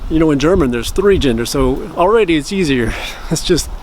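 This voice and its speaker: A man's voice: on the high side, lively intonation, slight background noise. A man chatting casually to camera about learning a language, explaining at length and correcting himself as he goes. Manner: rambling, self-correcting explanations; slow careful practice of phrases.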